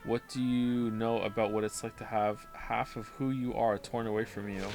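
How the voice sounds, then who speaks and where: A man voicing a guarded, grieving young woman fighter in quiet, subdued tones, with game music behind. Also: fairly low pitch, little pitch movement, normal speed, pitched below the performer's own voice, lightly acted.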